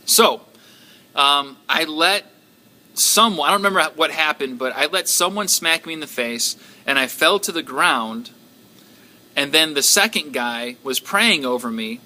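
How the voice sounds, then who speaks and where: A man casually telling his prayer group a testimony, halting and full of ums and likes. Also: a little high, lively intonation, bright, forceful tone. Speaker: church member sharing a testimony.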